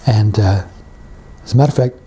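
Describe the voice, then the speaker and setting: A husky, raspy-voiced man. His tone is mellow and warm as he tells wry career anecdotes in an interview. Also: lowish voice, fairly quick. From Canada. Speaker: veteran actor and writer being interviewed. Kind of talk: reminiscing interview.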